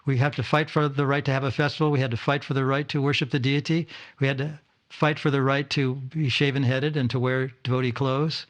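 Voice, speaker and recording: Brisk and flat in delivery, this older spiritual teacher has a mid-range voice as he gives an informal home talk to his disciples. He keeps stumbling, repeating words and restarting his sentences.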